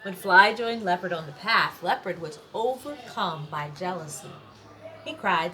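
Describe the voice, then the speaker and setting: A woman's voice: on the low side, measured pace. Woman reading a storybook aloud. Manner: lively, voices the sound words.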